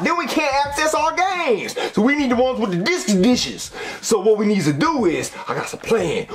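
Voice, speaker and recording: Conniving, bossy little schemer, voiced by a man; high, lively pitch, echoey room. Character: scheming greedy young boy.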